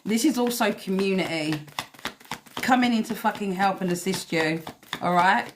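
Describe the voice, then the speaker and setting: A woman's voice: mid-range voice, normal speed, noisy background. A woman giving a blunt, emphatic live tarot reading, swearing freely as she talks to viewers. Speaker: tarot reader.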